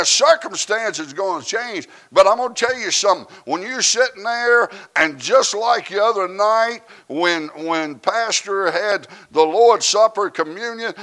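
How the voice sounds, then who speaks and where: A man, preaching a sermon that swings from quiet asides to loud shouted preaching. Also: sits high.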